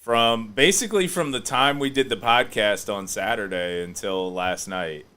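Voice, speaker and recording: A man hosting a podcast, chatting casually and joking, often breaking into loud laughter. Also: on the low side, moderate pace, clear, resonant tone. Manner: animated, joking, laughs loudly. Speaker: podcast host.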